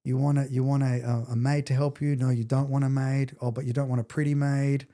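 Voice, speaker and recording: A middle-aged man on a podcast speaks briskly in a medium-pitched voice. As a guest, he tells an emotional story with intensity and animation, acting out the quotes.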